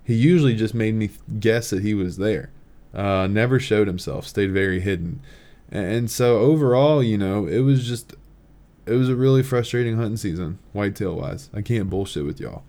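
Man, podcast host, casual storytelling, lots of swearing, lowish voice. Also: moderate pace. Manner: animated, swearing, laughs while telling.

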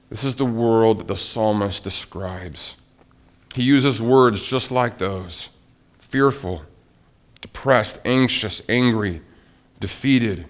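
A man preaching a sermon to a congregation, swinging between soft, hushed lines and loud, emphatic ones. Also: mid-range voice. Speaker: pastor.

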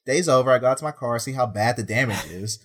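A man's voice: mid-range voice, fast. Exasperated young man telling a story. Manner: rambling, exasperated, deadpan storytelling. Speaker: prison officer. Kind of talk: casual storytelling chat.

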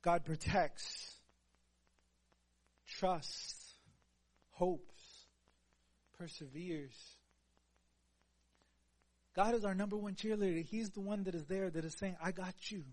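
A man preaching a sermon in an earnest voice, dropping to a hush and then rising to louder, emphatic lines. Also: high voice, takes it slowly, long pauses. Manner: earnest, swings between soft hushed passages and louder emphatic ones.

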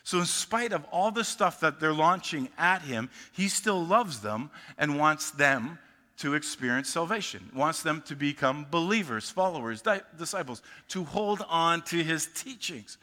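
A male pastor preaching with a bright, forceful tone, slightly high for a man. He speaks emphatically and often restarts his sentences. A long hall reverb hangs after each phrase. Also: expressive, measured pace. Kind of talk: sermon.

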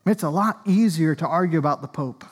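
A man's voice: on the high side, fairly quick, in a large hall. A man, an Anglican priest, preaching a sermon in a conversational way with joking asides. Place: church.

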